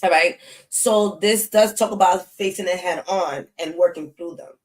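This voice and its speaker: A woman's voice: on the low side, moderate pace, low-quality recording. A woman hosting an astrology live stream, chatting casually and animatedly with slang, speaking straight to her viewers' comments.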